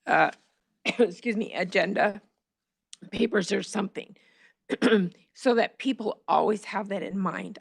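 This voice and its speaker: A woman school board member making hesitant, measured remarks at a board meeting. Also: mid-range voice, creaky, a bit bright, husky, no echo, studio quality.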